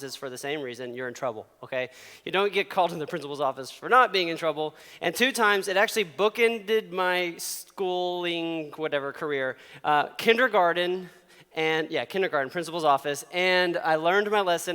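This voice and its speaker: A man in his thirties gives a casual sermon, telling stories with frequent laughs and playful voices for the people in them. His voice sits high and comes through clear and smooth. A long reverb trails behind him as in a large hall. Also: bright, forceful tone. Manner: chatty, laughs often, acts out quotes. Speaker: youth pastor.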